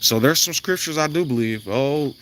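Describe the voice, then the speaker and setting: Forceful, profane preachy man ranting. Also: mid-range voice, expressive, normal speed. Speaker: self-styled spiritual vlogger. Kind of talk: ranting monologue to camera. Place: outdoors near his house.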